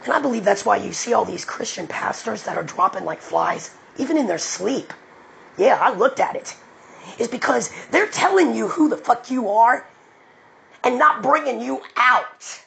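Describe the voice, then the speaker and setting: A woman's voice: a little high, expressive, normal speed, vocal fry, fairly bright tone, poor audio. A woman preaching with fiery, profane emphasis, then praying aloud. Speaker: online preacher. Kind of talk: impassioned preaching and prayer.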